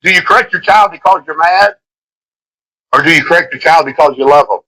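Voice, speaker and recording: A middle-aged man preaching a sermon in an impassioned way, swinging from shouts to hushed lines. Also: on the high side, fairly quick, low-quality recording. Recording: old cassette tape of a live sermon.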